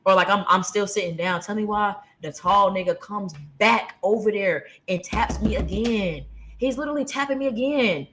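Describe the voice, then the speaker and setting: Brief: woman streamer, casual slangy storyteller, animated and loud at times, built-in computer mic. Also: medium pitch, normal speed, a little hiss or hum, rough recording. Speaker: livestream host. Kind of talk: casual storytelling to a live audience. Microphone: computer's internal mic.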